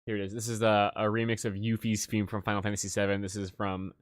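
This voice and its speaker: A man hosting a relaxed livestream, chatting casually as a game master about his campaign, with a self-deprecating, joking manner. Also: lowish voice, quick pace, no echo, clean studio sound. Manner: relaxed and chatty, laughs at himself. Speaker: game master and channel host.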